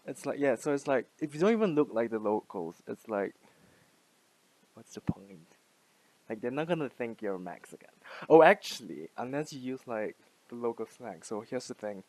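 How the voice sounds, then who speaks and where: A young man in his twenties muses aloud in a loose, unscripted monologue, padding his thoughts with fillers and dropping casual swear words between laughs. His voice sits at an ordinary middle pitch for a man. The sound is dry and close, with no room echo. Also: animated, normal speed, darkish tone. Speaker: language-learning vlogger.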